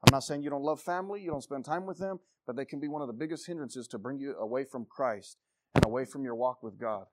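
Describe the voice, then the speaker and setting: A man preaching a sermon with passion, swinging from loud exhortation to low intensity and repeating phrases for emphasis. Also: quick pace, heavy background noise.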